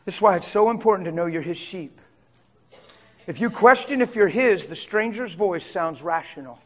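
A man with a high voice delivers a lively sermon. He talks straight to his listeners, calling out "come on" and "man," and switches between raised emphasis and low murmurs. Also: normal speed. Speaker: pastor.

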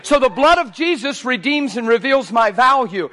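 A man with a high, bright voice preaches. He swings from hushed, intimate asides to fervent, ringing near shouts as he drives each point home. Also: normal speed. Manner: animated, rising to near shouts. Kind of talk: sermon.

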